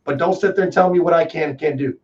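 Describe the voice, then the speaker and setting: A man from Texas in casual chat as a guest, telling rambling, animated stories with lots of fillers. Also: a little high, fast talker. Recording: distant, dull lo-fi call audio.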